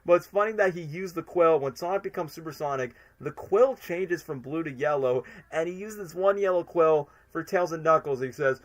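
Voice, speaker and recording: A man's voice: on the high side, normal speed, few pauses. A young man chatting on a live stream, rambling enthusiastically with lots of fillers. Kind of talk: casual live-stream commentary.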